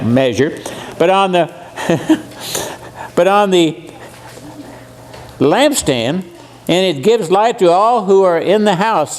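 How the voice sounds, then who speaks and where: An older man in his seventies preaches a seminar lesson in a church. His voice sits high for a man, and he talks in a folksy, joking way, throwing questions out to the listeners. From USA. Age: 70s. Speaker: guest preacher. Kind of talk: seminar sermon. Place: church meeting room.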